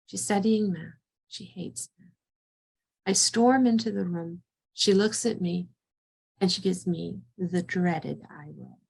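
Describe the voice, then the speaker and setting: A woman's voice: on the low side, slow, vocal fry, darkish tone, slightly rough. A middle-aged woman psychotherapist leading a training session, telling a vivid first-person scenario.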